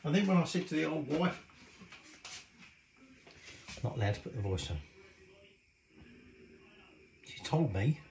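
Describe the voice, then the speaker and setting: A man's voice: on the high side, big pitch swings, measured pace, gravelly, pauses often, a little mellow, reverberant, slight background noise, low-quality recording. A middle-aged man, rambling casually and swearing mildly as he cooks in his home kitchen. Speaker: cooking show host. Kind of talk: casual cooking vlog chat.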